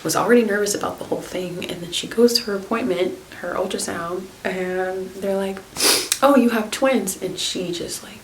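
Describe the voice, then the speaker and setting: A woman's voice: mid-range voice, steady tone, fairly quick, few pauses. A young woman hosting a wellness podcast, telling a story casually, with many fillers and frequent laughter. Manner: chatty, filler-heavy, laughs often. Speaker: naturopathic podcast host. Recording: roomy, with faint hiss.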